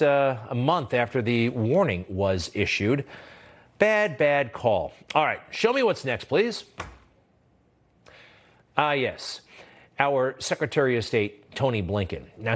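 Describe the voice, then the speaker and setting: A man hosting political commentary, talking in a mocking, scornful way with chuckling asides. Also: medium pitch. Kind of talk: opinionated commentary.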